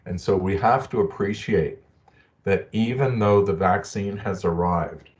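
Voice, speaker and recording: A man's voice: sits low, a little slow, highs cut off. A middle-aged man giving a webinar talk, earnest and personal, telling stories from his own life. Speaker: presenter. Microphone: video call.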